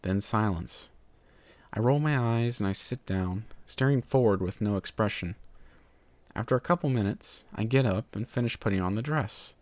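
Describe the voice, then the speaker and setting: A man narrating a fan fiction story in a steady, measured way. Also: lowish voice, no echo. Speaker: story reader.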